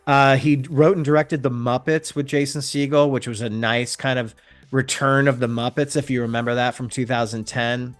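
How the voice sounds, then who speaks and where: A man's voice: medium pitch, fairly even intonation, moderate pace. A man co-hosting a podcast in casual chat, rambling with frequent ums. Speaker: podcast co-host.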